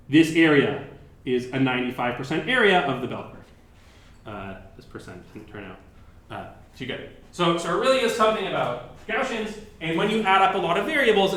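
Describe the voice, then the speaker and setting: In an echoey lecture hall, a male professor delivers a university lecture with a relaxed, conversational style, stumbling through fillers and restarts. He has a medium-pitched, slightly bright voice.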